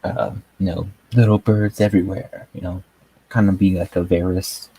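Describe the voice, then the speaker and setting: A man's voice: deep voice, flat delivery, normal speed, gravelly, dark tone, breathy edge, low-quality recording. A man chatting casually as he reviews a TV episode, rambling with lots of fillers and frequent chuckles. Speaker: TV show reviewer. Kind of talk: casual video review chat.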